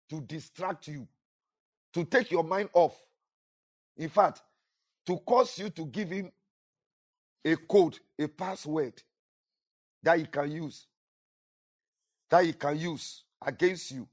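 A man's voice: a little high, slow pace, long pauses. A man preaching a sermon with emphatic, repetitive delivery, rising and falling for effect. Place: church.

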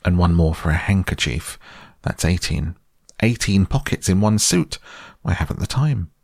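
A man's voice: sits low, animated, normal speed, gravelly, dry recording, studio quality, exaggerated voice. A man reading a storybook aloud, voicing a bossy, self-important male rabbit who lectures carefully. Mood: lecturing.

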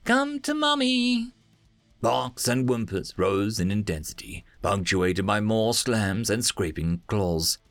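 A man narrating a story aloud in a lively, expressive reading. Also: lowish voice, slow, few pauses, no room sound, faint music behind. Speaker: audiobook narrator.

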